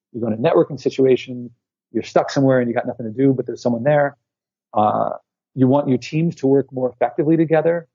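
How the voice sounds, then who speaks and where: A man's voice: mid-range voice, gravelly, husky, no echo. A man in his forties, an author speaking as a guest in an interview, telling stories and acting out what people said, heard over dull lo-fi call audio. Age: 40s. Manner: animated storyteller who acts out quotes. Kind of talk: conversational interview storytelling. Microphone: remote call line.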